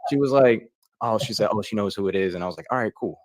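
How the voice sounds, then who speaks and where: A man's voice: on the low side, quick pace, no room sound. A young man doing a crude, rambling stand-up set with lots of fillers and loose storytelling. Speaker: comedian contestant.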